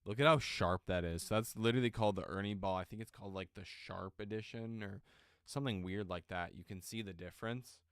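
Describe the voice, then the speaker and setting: A young man rambles through a casual livestream chat, his voice low-pitched and smooth even as it wears thin. He talks through guitar gear and music theory with plenty of ums and "okay?" check-ins. The sound is close and dry. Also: brisk, no room sound. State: voice getting worn out. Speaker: livestream host.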